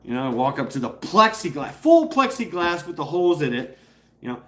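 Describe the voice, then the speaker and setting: A man talking casually on a livestream, profane and rambling, stumbling over restarts and slipping into quick impressions of other people. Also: a little high, very animated, a little hiss or hum. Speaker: streamer.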